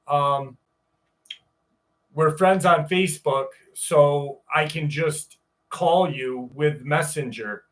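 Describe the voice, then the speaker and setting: A man from upstate New York, his voice on the high side and a bit bright, hosts a live stream. He chats loosely with his audience, joking and swearing constantly, then reads a story aloud, sounding a bit distant from the mic.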